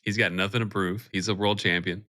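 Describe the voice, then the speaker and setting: A man's voice: lowish voice, steady tone, brisk, sharp tone, dry recording, clean studio sound. A man co-hosting a casual sports podcast, giving opinions with emphasis. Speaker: podcast co-host. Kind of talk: casual chat.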